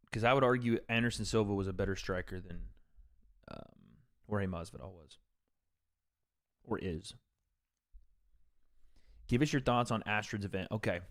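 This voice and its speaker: A man hosting a casual livestream, reacting to fights and joking with chat in a rambling way. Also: fairly low pitch. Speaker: livestream host reading chat. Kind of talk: casual live commentary on fights.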